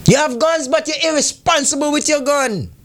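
A man's voice: extremely high pitch, moderate pace, a bit bright, slight background noise. A man giving impassioned community commentary, scolding his listeners with rhetorical questions.

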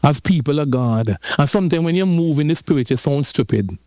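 A man's voice: on the high side, animated, fairly quick, dark tone, no echo, studio quality. A man preaching a sermon, telling the story playfully with repetition and call-and-response.

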